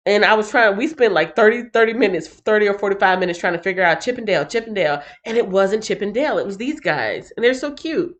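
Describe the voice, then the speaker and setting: Animated woman chatting about Bible reading. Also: mid-range voice, quick pace, few pauses, lo-fi sound. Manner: chatty and animated, with many fillers. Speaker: host of a Bible reading stream, a mother.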